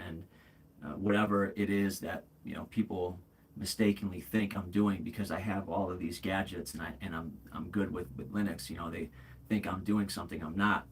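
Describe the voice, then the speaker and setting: Very deep husky man chatting casually. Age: 40s. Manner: rambling, frequent fillers and restarts; candid, calls viewers bro and man. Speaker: livestream host. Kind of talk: casual livestream chat.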